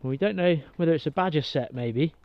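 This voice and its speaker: A man talks casually to his camera while out walking outdoors. His voice sits slightly high, and he is chatty and quick to laugh. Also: no echo, dull audio. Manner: chatty, laughs often, excitable with the dog. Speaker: outdoor vlogger. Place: outdoors in a park and golf course.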